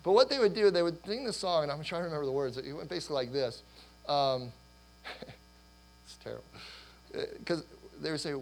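A middle-aged man preaching a sermon, animated and rambling, with restarts and laughter, his voice going hoarse. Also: a little high, fast talker, soft background music, rough recording. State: losing his voice. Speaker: pastor.

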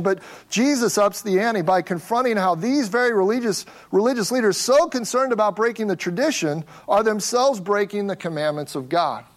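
A man with a notably high-pitched voice delivers an expository sermon. He leans hard on key words, slowing down to stress them. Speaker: pastor.

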